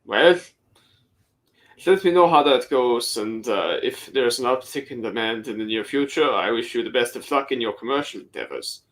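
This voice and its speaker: A guarded hobgoblin armorer voiced by a man speaks in a measured, formal way. He answers dryly and gives little away. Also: mid-range voice, expressive, fairly bright tone, close to an everyday voice.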